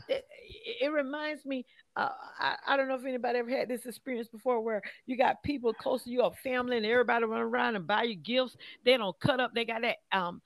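A woman in a preaching conversation, reading scripture slowly and then preaching on it in casual, everyday speech. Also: fairly high pitch, fairly even intonation, no room sound, poor audio.

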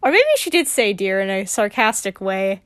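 A woman's voice: mid-range voice, big pitch swings, normal speed, fairly bright tone, dry recording. A young adult woman casually chatting on her podcast, giggly and rambling, with many fillers and restarts. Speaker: podcast host.

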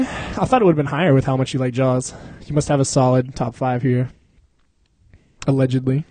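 A man's voice: medium pitch, dark tone, no room sound. A man from Florida hosting a casual podcast chat, telling stories animatedly, swearing freely and laughing often. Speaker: podcast host.

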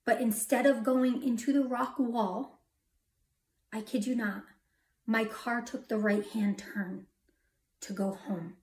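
Slow-preaching woman in an echoey hall. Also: fairly high pitch, steady tone, a little mellow. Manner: storytelling, dramatic, drops to whispers for emphasis. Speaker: preacher giving testimony. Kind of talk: sermon testimony.

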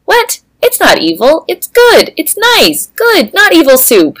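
A woman voicing a cheerful teenage girl from a fan fiction reading, insisting in a high, squeaky voice. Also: wildly swooping pitch, a little slow, fairly bright tone, heavily acted. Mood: indignant. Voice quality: high and squeaky when protesting. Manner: insistent, pitch jumping up. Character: cheerful teenage girl, defensive of her soup. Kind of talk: fan fiction read aloud.

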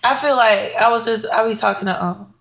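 A young woman co-hosting a podcast, chatting casually in a relaxed, easygoing way, often trailing off softly. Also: on the high side, fairly quick, creaky. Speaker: podcast co-host. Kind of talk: casual chat.

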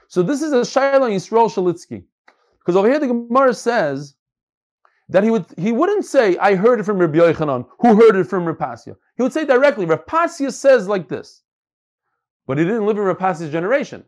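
A man's voice: high voice, big pitch swings, a little fast, darkish tone. A man teaching a Talmud class, reading passages aloud and explaining them, often repeating words as he searches for phrasing.

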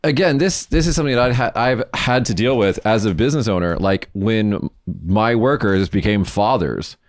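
A man from the States with a fairly low voice, rambling easily through news items on a casual podcast. He swears offhand and keeps a loose, chatty flow. The sound is close and dry, with no room around it. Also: moderate pace, dry recording. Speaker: podcast host.

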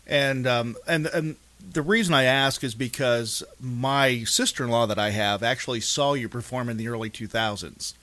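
Halting male interviewer, dry sound. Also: mid-range voice, bright, forceful tone, no room sound. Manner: halting, repeats words while framing questions. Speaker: interviewer host. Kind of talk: interview questions.

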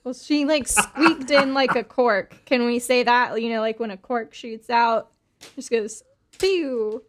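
A woman playing a tabletop game, giggly and animated. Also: a little high, unhurried. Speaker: player.

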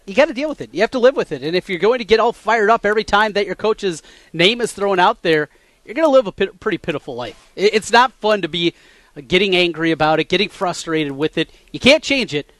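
A man co-hosting a sports radio show, laying out background facts in a measured way and getting lively when he jokes. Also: high voice, no room sound. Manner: measured, recalls facts in detail, gets animated when joking. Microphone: studio mic.

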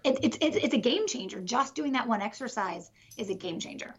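Energetic woman coach with a husky voice. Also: fairly high pitch, a little fast. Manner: energetic, explains with conviction, laughs lightly. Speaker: business referral coach and author, podcast guest. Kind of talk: podcast interview.

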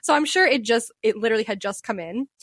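A woman co-hosting a podcast, telling a story in casual chat, animated, swearing freely and laughing often. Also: a little high, fast, dry recording, clean studio sound. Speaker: podcast co-host.

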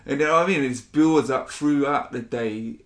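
A man's voice: mid-range voice, a little fast. A man, a spoken word poet chatting casually and reading his poetry. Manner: swears casually, rambling, says "innit".

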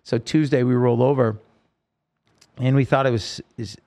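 A man as an interview guest, telling a personal story in halting speech with frequent restarts and self-corrections. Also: mid-range voice, fairly even intonation, darkish tone.

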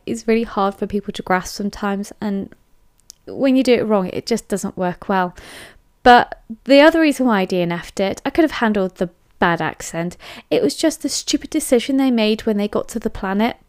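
A woman's voice: mid-range voice, moderate pace, smooth, dry recording, studio quality. An English woman giving a chatty, candid book review monologue, emphatic and full of fillers. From England.

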